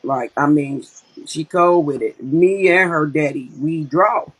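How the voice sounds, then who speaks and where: A woman's voice: deep voice, measured pace, slight background noise, low-quality recording. A woman co-hosting a casual live-stream commentary, blunt and profane as she tells stories. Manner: blunt, profane, animated storytelling.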